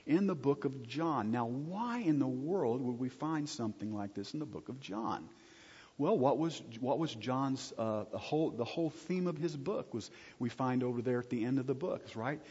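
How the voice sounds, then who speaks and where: A pastor delivers a sermon in a medium-pitched, expressive male voice with a darkish tone, speaking at a normal speed. He keeps it conversational, joking with the congregation and frequently asking them check-in questions. His voice sounds husky, with long hall reverb and a dull lo-fi quality.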